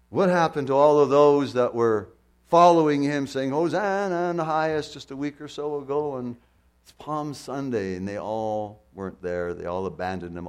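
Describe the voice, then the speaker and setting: A man preaching a sermon with passion, firing rhetorical questions and repeating phrases for emphasis. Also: mid-range voice. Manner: impassioned, swings from loud to hushed, rhetorical questions, repetition.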